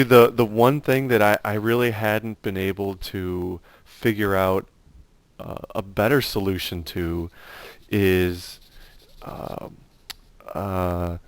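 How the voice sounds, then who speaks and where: Low-voiced man chatting while painting. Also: no echo. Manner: relaxed, rambling, many fillers. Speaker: painter streaming his painting session. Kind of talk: casual chat while painting.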